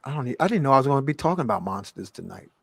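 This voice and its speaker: A man co-hosting a casual spiritual talk, speaking in an emphatic, slangy way that swings from soft to loud. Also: mid-range voice, very animated, very fast, gravelly, breathy edge, no room sound.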